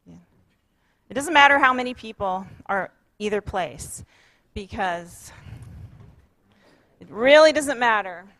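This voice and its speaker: Lady pastor at church leading the congregation in a chant, slow and encouraging, pretty dry mic sound. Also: on the high side, lively intonation, dry recording. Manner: warm, encouraging, leads call-and-response chanting. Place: church sanctuary.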